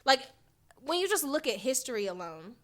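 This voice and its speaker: A woman with a fairly high voice co-hosts a casual podcast. She talks through the news in an animated, indignant way, full of fillers and restarts. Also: moderate pace. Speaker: podcast co-host. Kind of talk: casual chat.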